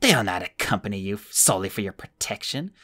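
A man's voice: on the low side, very animated, quick pace, sharp tone, pitched below the performer's own voice, heavily acted. A man voicing a stern, curt ancient woman who rules her realm, in an audiobook. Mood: cold.

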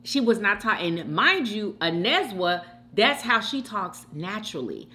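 Lively, bright-voiced woman hosting a mukbang. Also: mid-range voice, a little slow. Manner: chatty, opinionated, talks straight to viewers. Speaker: mukbang host. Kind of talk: casual chat while eating.

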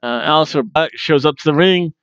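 A man's voice: on the high side, brisk, a bit bright, smooth, dry recording, muffled recording. A man hosting a wrestling review, chatting casually in a jokey way with frequent ums. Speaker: wrestling review podcast host.

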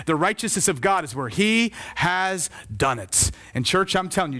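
Man, pastor, fairly high voice, impassioned sermon, loud and soft by turns. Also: lively intonation, brisk, few pauses. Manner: impassioned preaching, swells loud then drops soft.

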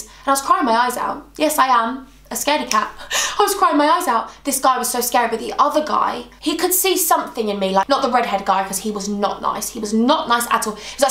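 A woman's voice: a little high, quick pace, sharp tone, echoey room. A young woman telling a dramatic storytime vlog, chatty and full of asides to her viewers. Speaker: beauty vlogger.

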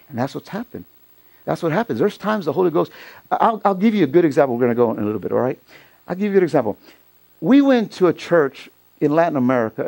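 Middle-aged male pastor, gravelly and fairly high, storytelling sermon in a church. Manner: storytelling preacher, rising to loud excited peaks.

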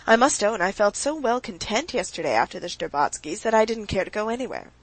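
A woman's voice: mid-range voice, big pitch swings, a little fast, no echo, poor audio. A woman reading the lines of an easygoing young aristocratic officer in an audiobook, in a light, offhand manner.

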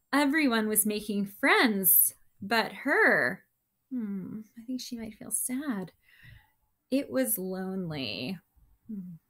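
A woman reading a picture book aloud to children, with expressive, chatty asides to her young listeners. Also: mid-range voice. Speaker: story time reader.

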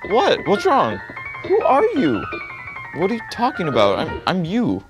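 A man's voice: high-pitched, huge pitch swings, measured pace, over music, exaggerated voice. A man acting out a goofy skit where he talks to his own future self.

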